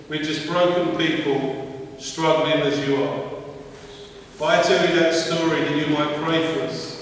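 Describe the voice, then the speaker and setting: A man's voice: fairly high pitch, fairly bright tone, slight background noise. A man speaking at a church mission, telling his own story earnestly and acting out what others said to him. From England. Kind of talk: testimony talk in church. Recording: echoey church heard from far off.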